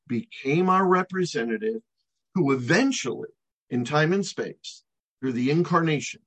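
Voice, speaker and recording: A middle-aged man preaching an expository sermon as a pastor, emphatic, slowing down to stress key words and letting phrase endings fall nearly silent. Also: mid-range voice, breathy edge, rough recording.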